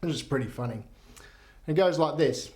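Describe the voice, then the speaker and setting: Male whisky reviewer, chatty and profane, slightly high voice. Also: animated, normal speed, dark tone. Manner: rambling, loose, profane. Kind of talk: casual joke-telling and review.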